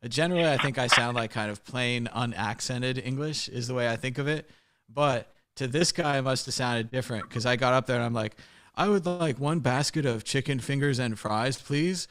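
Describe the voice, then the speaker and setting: A man's voice: mid-range voice, moderate pace, a bit bright. An American man hosting a casual chat, joking and telling rambling stories. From United States. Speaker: host.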